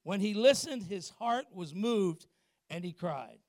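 A middle-aged man preaches a sermon in church with a notably high voice. He punches key points loudly, then drops to quiet, confiding asides, and keeps turning to the congregation with questions. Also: expressive, slow pace, dry recording, studio quality. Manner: asks the congregation questions and acts out little exchanges. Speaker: pastor.

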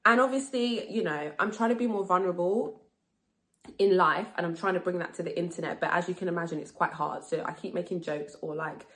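A woman in her thirties, slightly tipsy, hosting a casual solo podcast chat, talking fast and frankly, swearing freely and repeating herself for emphasis. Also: fairly low pitch, a bit bright. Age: 30s. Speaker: podcast host.

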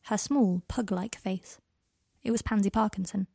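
A woman reads a story aloud in a soft, understated voice at an ordinary pitch. The recording is close and dry, with no room echo. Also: normal speed, creaky. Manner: soft, low-key narration. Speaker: audiobook reader. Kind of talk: fan fiction reading.

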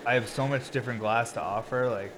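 A man's voice: mid-range voice, fast, background noise. A young man hosting a solo podcast, rambling in a laid-back, stoned way, full of filler words and casual swearing. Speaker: podcast host and glass blower.

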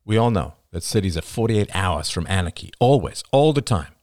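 An earnest young man lectures his friends with mounting intensity, as a male reader plays him. The voice sits low and is recorded dry and close. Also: lively intonation, normal speed, a little mellow, no echo. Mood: urgent lecturing.

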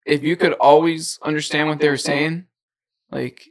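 A young man with a slightly raised, gravelly voice trades casual podcast banter. He laughs often and stumbles over his restarts. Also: on the high side, little pitch movement, normal speed, poor audio. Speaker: podcast co-host. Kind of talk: casual chat.

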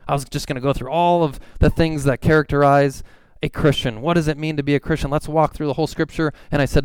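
A man preaching a sermon in a conversational way, reading scripture verses slowly and acting out the people he quotes. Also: on the high side, fairly even intonation, a little mellow, clear, resonant tone, dry recording. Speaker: pastor.

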